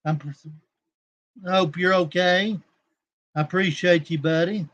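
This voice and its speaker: A man hosts a casual livestream, his voice sitting high for a man. He rambles, turns combative and coarse, and breaks off to greet viewers in his chat by name. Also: fairly even intonation, measured pace, a bit bright, lo-fi sound. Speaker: livestream host.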